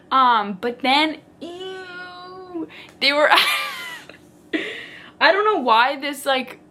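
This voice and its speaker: A woman book vlogger with a fairly high, sharp voice chats casually about her reading, with a little hiss or hum in the recording. She's chatty and theatrical and says "like" a lot.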